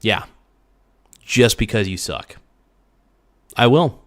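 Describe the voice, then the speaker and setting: Young male streamer, lowish voice, blunt profane rants, casual. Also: expressive, slow, fairly bright tone. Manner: blunt, profane, ranting with frequent restarts. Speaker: livestream host. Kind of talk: casual livestream rant.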